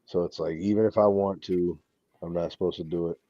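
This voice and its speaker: A man's voice: low voice, brisk, highs cut off. A man hosting a casual livestream chat from home, telling rambling stories full of swearing. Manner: rambling storyteller, heavy swearing, animated quoting. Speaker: livestream host.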